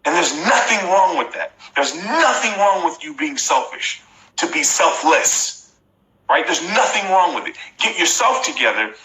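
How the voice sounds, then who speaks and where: Emphatic bright-voiced man coaching viewers live. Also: a little high. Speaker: motivational speaker hosting a live stream. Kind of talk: live-stream motivational talk. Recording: echoey room.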